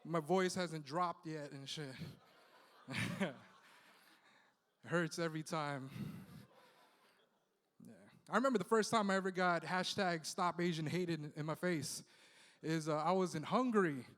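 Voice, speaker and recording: Working a comedy club with a handheld stage mic, a Bay Area comic of Philippine heritage delivers a loose set full of profanity and repeated "you know." His slightly high, fairly bright voice moves at a measured pace with long pauses, and the live room adds long reverb.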